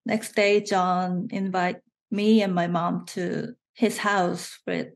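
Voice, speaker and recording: A woman with a Korean accent, a native Korean speaker, chatting as an interview guest, with halting restarts and frequent laughter. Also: on the low side, little pitch movement, gravelly. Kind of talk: casual interview chat.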